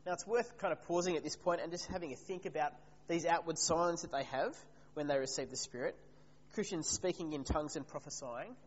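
A man preaches in a relaxed, conversational way, stopping to put questions to his listeners. His voice sits a little high. The recording has long hall reverb, a slightly muffled tone and a faint hum underneath. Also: breathy edge. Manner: conversational, asks the congregation questions. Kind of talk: sermon.

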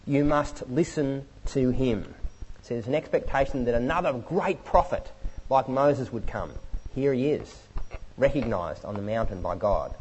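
A man preaching a sermon in an animated, conversational way, often correcting himself mid-sentence. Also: mid-range voice, normal speed, slight background noise, rough recording.

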